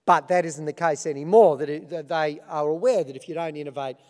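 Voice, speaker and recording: A man's voice: a little high, brisk, darkish tone. Wry Australian man hosting in a big hall. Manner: self-deprecating storytelling with dry punchlines. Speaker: awards host. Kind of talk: comic opening speech.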